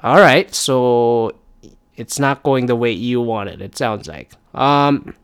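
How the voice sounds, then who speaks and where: Smooth-voiced man hosting a casual podcast. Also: mid-range voice, slow. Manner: rambling, off-the-cuff musing. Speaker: podcast host. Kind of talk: casual podcast monologue and chat.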